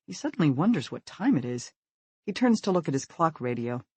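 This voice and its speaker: A man narrating a thriller audiobook in an expressive, tense manner. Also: on the high side, brisk, husky, no room sound.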